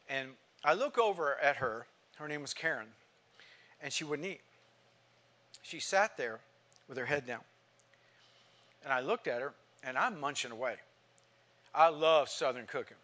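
A man's voice: on the high side, normal speed, pauses often, sharp tone. A man preaching a sermon, telling a story and putting questions to the congregation.

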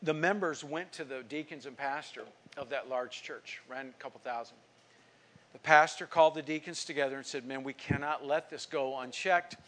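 A middle-aged male pastor preaching a sermon, telling a story and acting out the people in it, swinging from emphatic lines to hushed ones. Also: mid-range voice, moderate pace. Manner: storytelling, acting out quoted speech; emphatic preaching with sudden drops to quiet.

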